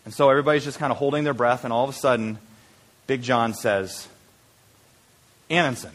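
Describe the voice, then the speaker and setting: A man preaching a sermon, telling a lively story and then making earnest, quiet appeals. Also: mid-range voice, fast. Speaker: pastor.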